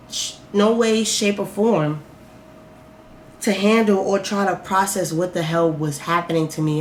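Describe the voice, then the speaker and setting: A woman telling a personal story in a vlog, animated and profane, swinging between loud outbursts and slow, quiet musing. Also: mid-range voice. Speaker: vlogger. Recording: roomy echo, faint background noise.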